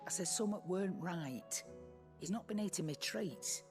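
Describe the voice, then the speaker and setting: A woman's voice: lowish voice, animated, moderate pace, music in the background, lightly acted. A woman playing a sarcastic trader. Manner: curt, sarcastic, dialect grammar. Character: sharp-tongued older woman trader, gruff and suspicious.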